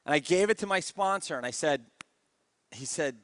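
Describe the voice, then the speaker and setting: A man with a high, ringing, fairly bright voice gives a motivational stage talk on network marketing, telling his story energetically and repeatedly asking the room for answers. His intonation is lively and his pace a little fast, captured in a close, dry recording.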